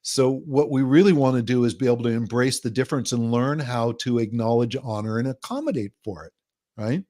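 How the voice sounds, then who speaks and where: A man of ordinary pitch speaking as a guest on a talk show. He explains his ideas at length and livens up his voice to act out what other people say. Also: fairly quick, warm tone. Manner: explains at length, acts out quoted people in a livelier voice. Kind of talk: conversational podcast interview.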